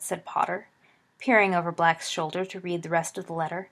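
A woman narrating a story aloud in a steady audiobook reading, giving the characters voices. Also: fairly low pitch, fairly quick.

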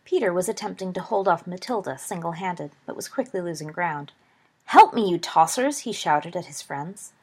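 A woman reading a story aloud in a steady, expressive narration. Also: lowish voice, normal speed, few pauses, slightly rough. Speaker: audiobook reader.

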